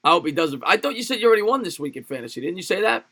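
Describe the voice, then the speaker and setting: A man's voice: high-pitched, very animated, rapid-fire, pushed and bright, breathy edge. A man doing casual play-by-play football commentary on a livestream, chatting with viewers between plays and laughing often. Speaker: livestream sports play-by-play host. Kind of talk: play-by-play commentary mixed with live chat replies.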